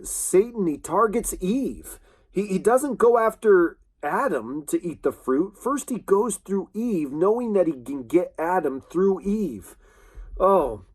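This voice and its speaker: A man preaching a sermon in an earnest, halting way, with many restarts and fillers. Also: medium pitch.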